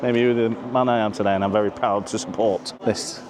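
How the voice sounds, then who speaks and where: A man's voice: lowish voice, steady tone, brisk, a crowd in the background. A man vlogging outdoors at a football stadium, joking crudely, swearing freely and out of breath. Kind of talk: casual chat to camera.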